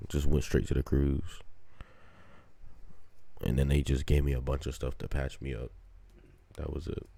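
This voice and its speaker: Young male co-host, very low gravelly voice, dark tone, loose slangy storyteller. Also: little pitch movement, moderate pace, dry recording. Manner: slangy, profane storytelling with quoted asides. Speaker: podcast co-host. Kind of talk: casual chat.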